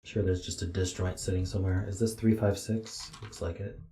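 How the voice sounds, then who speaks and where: Tired man muttering numbers, deep and dark. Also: level tone, echoey room. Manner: slow, muttering, counting digits aloud. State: tired, yawning. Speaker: puzzle streamer. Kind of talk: thinking aloud while solving.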